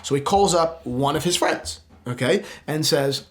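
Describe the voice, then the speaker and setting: A man's voice: fairly high pitch, measured pace. A young man, a podcast host, telling a story in casual chat and acting out the people in it with many restarts. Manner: animated storyteller acting out quoted characters, frequent restarts.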